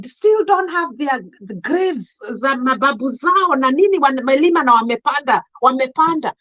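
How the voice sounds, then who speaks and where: A woman with a Kenyan accent vents in an impassioned vlog rant, scolding and repeating her points. Her voice sits fairly high and swings widely in pitch. The sound is dull and muffled, like a low-fi phone recording. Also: expressive, normal speed, fairly bright tone. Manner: emotional, repeating herself, switching between English and Swahili; indignant, scolding. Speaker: vlogger. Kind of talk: impassioned commentary monologue.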